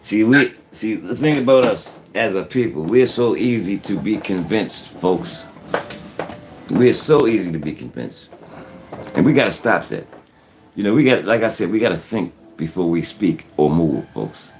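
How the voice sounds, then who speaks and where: A man's voice: fairly low pitch, sing-song, normal speed, darkish tone, a little hiss or hum. A man hosting his own channel, talking to viewers in an earnest, repetitive, preachy way. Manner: earnest, repetitive, keeps saying "folks". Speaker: YouTube channel host. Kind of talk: casual preachy commentary.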